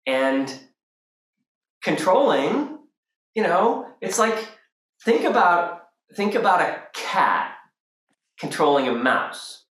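An animated teacher leads a group workshop, the voice swinging widely as it acts out little scenes. The talk is loose and casual, and it rings in a roomy echo. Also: mid-range voice, takes it slowly, pauses often.

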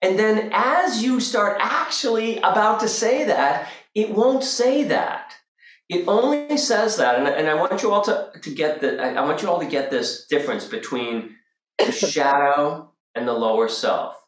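An animated teacher leads a group workshop, the voice swinging widely as it acts out little scenes. The talk is loose and casual, and it rings in a roomy echo. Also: medium pitch, unhurried.

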